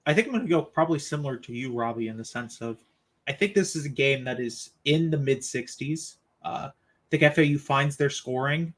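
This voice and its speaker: A man's voice: mid-range voice, brisk. Man, podcast host, casual sports talk, chatty, quizzing co-hosts. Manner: chatty, asks co-hosts for predictions.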